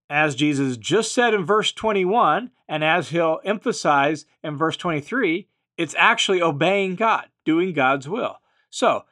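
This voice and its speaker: A man with a voice pitched a little above the usual teaches scripture verse by verse. He explains each point patiently, then restates it in plainer words. He presses emphatically on the phrases that matter most. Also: a bit bright. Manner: emphatic, leans on key phrases. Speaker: Bible teacher.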